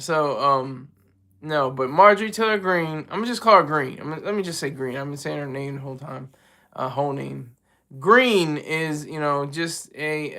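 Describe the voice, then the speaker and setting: A man with a high, bright voice hosts his own show in loose solo commentary. He stops and restarts a lot, leaning on ums and you-knows. He chuckles often as he talks. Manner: halting, rambling, heavy on fillers; chuckles often while talking. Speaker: show host.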